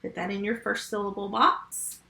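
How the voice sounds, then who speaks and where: A woman teaching a first grade phonics lesson remotely, sounding out words slowly and giving patient step-by-step instructions. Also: mid-range voice, flat delivery, gravelly, pushed and bright, reverberant.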